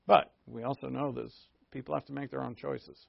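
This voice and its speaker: A man preaching a conversational sermon, earnest, asking rhetorical questions and shifting from emphatic to hushed. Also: medium pitch, steady tone, a little fast, vocal fry, no echo, lo-fi sound. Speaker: pastor.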